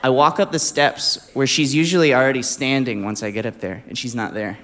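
A man from Alabama telling a personal anecdote in a casual, animated way, often breaking into laughter. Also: medium pitch, a little fast. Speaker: storyteller.

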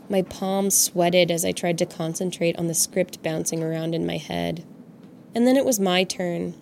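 A woman's voice: fairly low pitch, darkish tone, slight background noise. A woman in her twenties from Montana, narrating a personal story for her podcast in a reflective, candid, wry way. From Montana, USA. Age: 20s. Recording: clear music playing behind the voice.

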